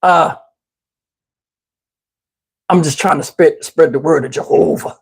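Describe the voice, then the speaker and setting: Man playing an elderly stern grandfather, low and halting, earnest preacher cadence. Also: gravelly, slightly rough, heavily acted. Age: older.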